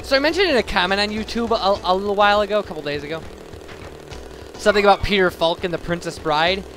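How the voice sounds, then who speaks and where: A man's voice: high-pitched, fast talker, fairly bright tone, slight background noise. A young man giving casual, rambling let's play commentary, chatty and self-deprecating with lots of fillers. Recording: game music playing behind.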